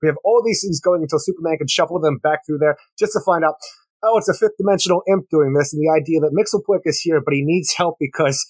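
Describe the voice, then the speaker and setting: A man recaps comic plots in brisk casual chat, dry and wry as he pushes back on his co-host. His voice is slightly husky, and the recording is close and dry. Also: on the high side, a little mellow, no echo. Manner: fast, wry, argues back and recaps the plot.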